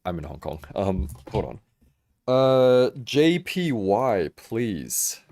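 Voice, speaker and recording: A young man hosting a casual livestream about action figures, chatty and expressive, swearing freely and laughing as he answers viewers. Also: lowish voice, slow pace, dry recording, studio quality. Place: home in Hong Kong.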